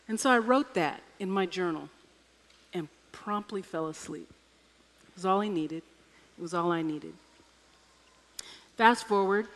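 A woman's voice: medium pitch, a bit bright. A woman preaching a sermon, telling a personal story with wry humor. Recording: echoey hall reverb.

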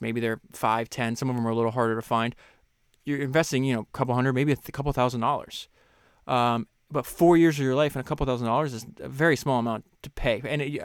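A man talks through a book in a relaxed, conversational way, stumbling and restarting as he goes. When he reads quoted passages he slows down and leans into them. His voice sits at an ordinary middle pitch and sounds close and dry, with no room around it. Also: clear, resonant tone, dry recording. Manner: reads quotes slower and louder, chats loosely with fillers and restarts. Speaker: podcast host. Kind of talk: casual book commentary with read-aloud passages.

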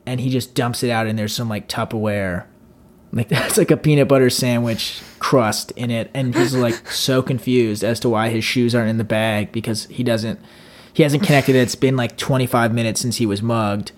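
Man, podcast co-host, casual storyteller, rambling, animated. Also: mid-range voice, moderate pace, slight background noise. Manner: rambling, animated, acts out voices with yelling.

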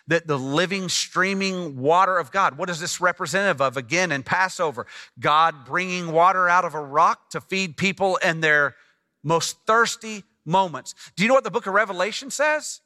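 A man preaching a sermon as pastor, animated and asking the congregation questions as he teaches. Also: a little high.

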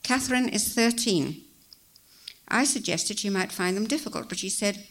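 A woman reading a story aloud as narrator, in a measured, expressive way. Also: medium pitch.

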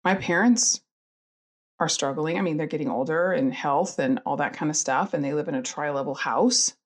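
A middle-aged woman with a fairly low voice tells a personal family story. She talks in an earnest, candid way and stops to restart her sentences, with many fillers along the way. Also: moderate pace. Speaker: guest telling her story.

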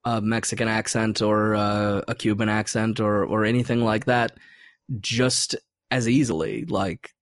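A man's voice: on the low side, fairly even intonation, a little slow, no echo, studio quality. A man talking casually as a game designer guest on a podcast, chatty and filling his speech with "like" while laughing often.

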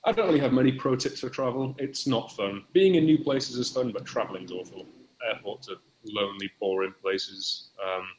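Podcast guest: man, rambling wry chat, slightly low voice, roomy echo. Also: normal speed, darkish tone, a little hiss or hum. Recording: echoey room.

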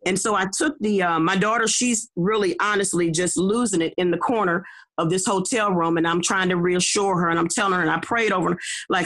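A woman's voice: on the low side, normal speed, fairly bright tone. A middle-aged woman, an evangelist, telling her personal testimony with emphasis. She often repeats and restarts her words and keeps checking in with her listeners. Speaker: evangelist guest.

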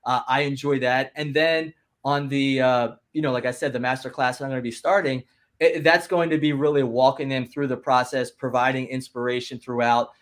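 A man speaking as a business coach guest, giving an energetic motivational talk, emphatic and rallying, often cutting in with "listen" and "guess what.". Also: mid-range voice, normal speed.

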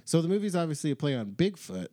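Male podcast co-host, animated and teasing, quick to laugh, dry close mic. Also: fairly high pitch, dry recording. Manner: playful, teasing, laughs often. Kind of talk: casual movie review chat.

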